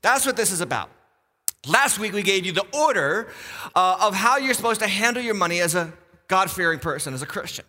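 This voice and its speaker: A middle-aged man, a lead pastor, preaching a sermon in a church with animated jokes and repeated key phrases. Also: high voice, a little fast. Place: church auditorium. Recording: long church reverb.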